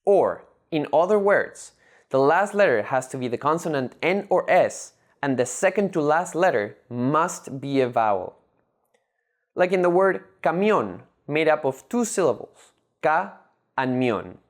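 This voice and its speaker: A teacher reads a prepared lesson in a lively voice that rises and falls a lot. The delivery is measured and methodical, with words broken into separate syllables. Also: medium pitch. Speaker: language teacher. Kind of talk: scripted lesson narration.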